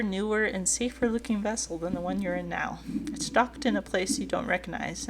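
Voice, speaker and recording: A woman's voice: medium pitch, slight background noise. A woman streamer reading a dating game aloud, giggling and gushing in her asides.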